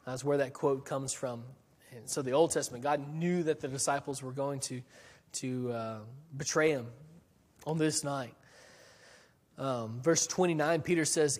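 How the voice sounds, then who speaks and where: A man's voice: mid-range voice, a little slow, in a large hall. A man preaching a sermon in a church, talking in a conversational way with frequent restarts and rhetorical questions. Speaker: pastor.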